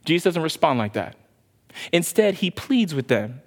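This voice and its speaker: Guy pastor preaching then praying, voice a bit high, long hall reverb. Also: sing-song. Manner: impassioned preaching, then soft slow prayer. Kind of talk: sermon and closing prayer.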